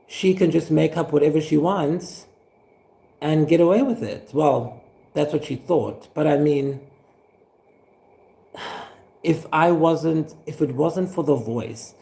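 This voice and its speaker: A man playing a gravelly, rambling paranoid ex-teacher. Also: on the high side, mellow. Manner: rambling, chuckling, full of fillers. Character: paranoid rambling male ex-teacher, suspicious, aggrieved. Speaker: former teacher. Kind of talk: scripted monologue.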